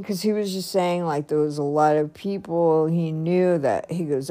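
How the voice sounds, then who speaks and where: A woman's voice: fairly low pitch, measured pace, few pauses, dark tone. A woman talking casually in a personal vlog, chatty and rambling, laughing often. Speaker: vlogger.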